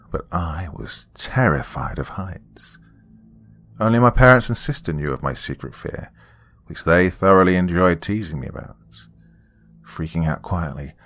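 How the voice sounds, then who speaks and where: A deep-voiced man reads a scripted horror story. His delivery is measured, and it falls to a near whisper when the tension builds. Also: fairly bright tone.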